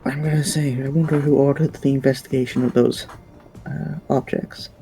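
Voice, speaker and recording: A man's voice: medium pitch, flat delivery, moderate pace, creaky, dark tone, faint music behind, poor audio. A man playing a tabletop game who makes cautious, dry remarks. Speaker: player. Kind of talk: casual tabletop play.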